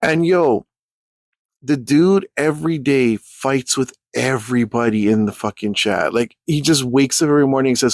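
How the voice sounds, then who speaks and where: A man's voice: medium pitch, normal speed, no room sound. A man telling a rambling, profane storytime rant as a YouTuber.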